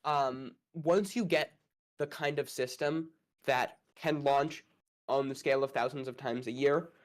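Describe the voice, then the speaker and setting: A man's voice: medium pitch, unhurried. A man arguing one side of a casual space debate, hedging and thinking aloud with many fillers.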